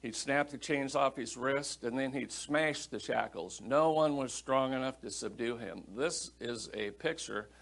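A middle-aged man teaches scripture from the pulpit in a relaxed, conversational, storytelling way. He reads verses aloud and then talks them through as if chatting with the congregation. His voice sits in an ordinary middle pitch. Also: unhurried, creaky, hardly any pauses. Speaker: pastor. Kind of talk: sermon, Bible teaching.

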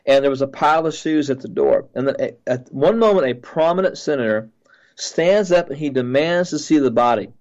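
A male pastor earnestly recounts a dream at a middling pitch, often stopping and restarting his sentences. The audio is slightly muffled and dull. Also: a little mellow. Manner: earnest, halting, with frequent restarts.

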